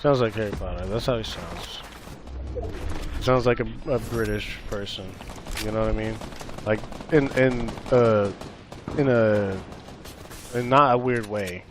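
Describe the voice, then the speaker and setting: A man's voice: on the low side, unhurried, pauses often, background noise. A man streaming a live game with viewers, chatting loosely in a rambling, repetitive way with many fillers. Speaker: gaming streamer. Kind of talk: live gameplay commentary with viewers. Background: gunfire and game sounds.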